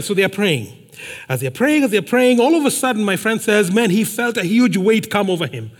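A male preacher with a notably high voice delivers a sermon full of storytelling. He drives his points home by repeating key phrases. His voice rings out with a long reverb, as if in a large hall. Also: very animated, brisk. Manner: emphatic, repeats phrases for effect.

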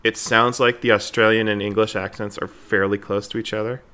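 A man's voice: on the low side, little pitch movement, a little fast, sharp tone. An American man co-hosting a casual podcast, wry and opinionated, swearing now and then. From United States. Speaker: podcast co-host. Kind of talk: casual chat.

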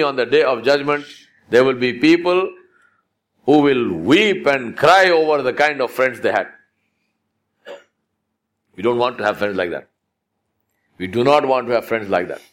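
A man preaching a sermon, exhorting his listeners with emphatic repetition. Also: mid-range voice.

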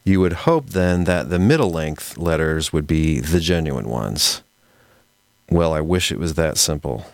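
A man hosting a podcast, explaining history in a measured, scholarly, conversational way. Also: rumbling low, animated, no room sound. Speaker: podcast host. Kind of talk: explanatory lecture-style podcast talk.

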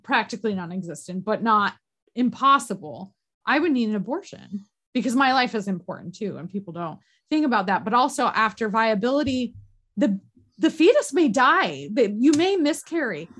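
A woman in a candid podcast conversation, talking earnestly and emotionally, halting with restarts and frequent fillers. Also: on the high side, lively intonation, a bit bright.

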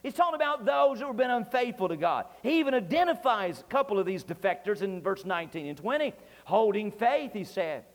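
A male pastor preaching an impassioned sermon, repeating phrases for emphasis and rising to shouts. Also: high-pitched, very animated, fairly quick. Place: church sanctuary. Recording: archival church recording with long hall reverb.

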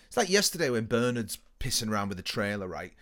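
A man telling stories in a casual podcast chat, animated and sweary. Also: fairly low pitch, fast talker. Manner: animated storytelling with lively swearing. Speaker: podcast co-host.

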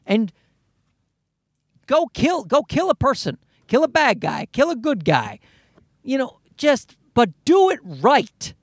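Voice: sits high, dry recording, studio quality. A podcast host ranting casually, swearing often and restarting sentences. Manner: profane, ranting, many restarts.

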